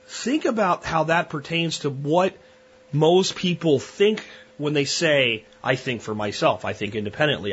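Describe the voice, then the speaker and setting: A husky, slightly breathy man's voice, pitched a bit higher than most, delivering a blunt, opinionated podcast monologue. He rambles through long analogies with frequent restarts. The audio is dull and lo-fi. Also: a bit bright. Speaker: podcast host.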